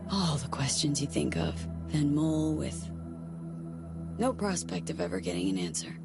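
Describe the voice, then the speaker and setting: A tough female mercenary in a video game with a lowish, gravelly voice and lively pitch. She talks bluntly and swears casually, with music behind her. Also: a little slow, heavily acted.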